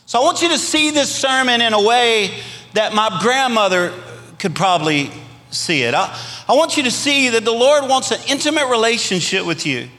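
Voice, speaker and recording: A middle-aged pastor from Louisiana with a Cajun accent preaches in a sanctuary with a long hall echo. His voice sits high and sounds bright and forceful. He builds his points with rising emphasis and calls out for amens. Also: lively intonation, moderate pace. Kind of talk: sermon. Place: church sanctuary.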